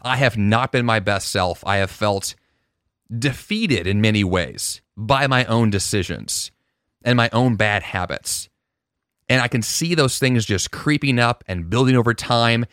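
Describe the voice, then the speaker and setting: A man's voice: on the low side, a little slow, fairly bright tone, clear, resonant tone, no echo, clean studio sound. Earnest man hosting a solo podcast. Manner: earnest, reflective, fillers and restarts. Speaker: podcast host. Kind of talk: casual solo podcast monologue.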